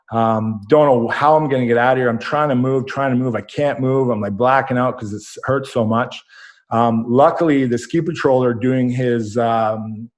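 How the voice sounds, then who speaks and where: A man from Canada, a former rugby player who guests on a podcast and tells a vivid, rambling anecdote full of ums. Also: mid-range voice. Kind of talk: casual storytelling.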